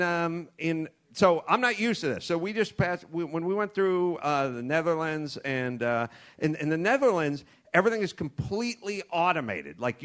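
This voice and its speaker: Rambling, profane American man telling stories. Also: a little high. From United States. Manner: rambling, profane, animated asides. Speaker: comedy show host. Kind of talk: comedic storytelling. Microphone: studio mic with cord.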